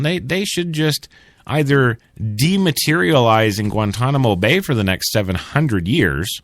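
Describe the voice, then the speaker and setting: A man's voice: mid-range voice, dry recording. A man hosting a talk radio show, delivering blunt, profane commentary with stammering restarts and laughing at his own jokes.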